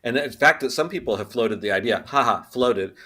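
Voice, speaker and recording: A man's voice: medium pitch, animated, brisk, pushed and bright. A man on a comedy panel talking casually, rambling through his points with fillers and restarts.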